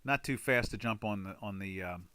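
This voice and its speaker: A man hosting a live trading webinar in a chatty, rambling way, now and then exclaiming loudly. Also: fairly low pitch, moderate pace, no room sound. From United States. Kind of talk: casual live webinar talk.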